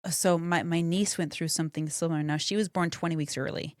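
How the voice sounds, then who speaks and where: A woman with a fairly low voice hosts an interview podcast. She talks effusively and emotionally, often restarting her sentences. Her voice sounds dry and close to the mic. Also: fairly even intonation, fast, darkish tone, no echo. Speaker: podcast host. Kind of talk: casual interview chat.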